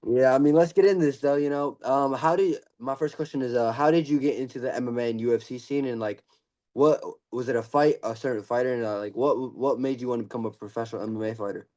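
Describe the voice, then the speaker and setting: A man's voice: mid-range voice, dark tone. A teenage boy hosting a podcast interview, eager and chatty, with lots of fillers. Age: teens. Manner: eager, fast, many fillers. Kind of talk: casual interview.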